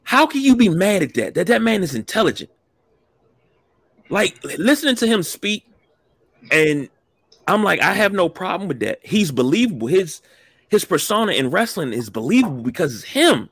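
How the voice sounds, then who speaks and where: A man co-hosting a casual wrestling talk show, blunt and animated, swearing freely. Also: high-pitched, normal speed, breathy edge, no room sound. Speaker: podcast co-host.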